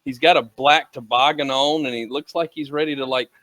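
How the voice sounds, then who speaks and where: A man's voice: mid-range voice, steady tone, a little fast, no echo. A man playing an online tabletop game, teasing the others in casual chat over a computer mic. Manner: teasing, loud joker. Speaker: player.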